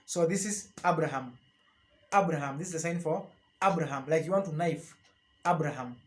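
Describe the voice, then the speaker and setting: A man teaching sign language, slowly explaining and repeating each term as he demonstrates it. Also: on the high side. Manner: slow and deliberate, repeating each word as he demonstrates. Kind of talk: instructional explanation.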